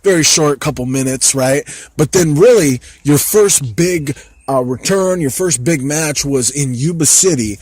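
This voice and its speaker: A man's voice: fairly high pitch, a little slow, a little mellow, dry recording. A man hosting a podcast, casually prompting his guest with questions and laughing along. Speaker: podcast host. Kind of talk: casual interview.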